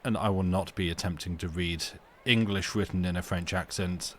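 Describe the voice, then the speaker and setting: A man's voice: low-pitched, steady tone, moderate pace, fairly bright tone, a little hiss or hum. A man hosting a live stream, chatting casually with his viewers in a rambling, self-interrupting way, at home. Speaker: livestream host reading stories aloud.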